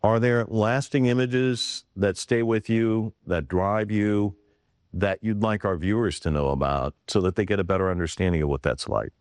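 A man hosts a television interview, asking careful, drawn-out questions. His voice is very deep, and the recording is dry and close to the mic. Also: steady tone, a little mellow, no room sound.

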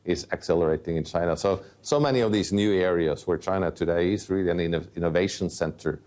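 A man's voice: deep voice, quick pace, darkish tone. A man executive answering interview questions off the cuff, hesitant, with fillers and restarts.

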